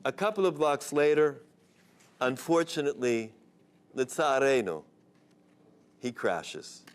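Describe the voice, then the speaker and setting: A rabbi with an expressive, mid-range voice tells an inspirational story, dropping in Hebrew terms along the way.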